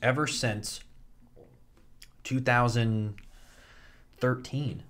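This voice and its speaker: A man's voice: mid-range voice, steady tone, drawn-out words, a bit bright, slight background noise. A man in his thirties, co-hosting a casual podcast chat, rambling with many restarts and fillers. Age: 30s. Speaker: podcast co-host and soap actor.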